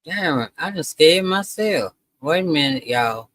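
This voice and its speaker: A man's voice: on the high side, expressive, unhurried, fairly bright tone, no echo. A man chatting casually to his viewers during a live reaction stream, talking to them as "y'all".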